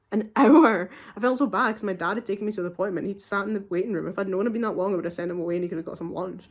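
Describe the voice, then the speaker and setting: Young female vlogger; casual, rambling storyteller straight to camera. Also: mid-range voice. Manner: chatty and rambling, with frequent "like" and restarts.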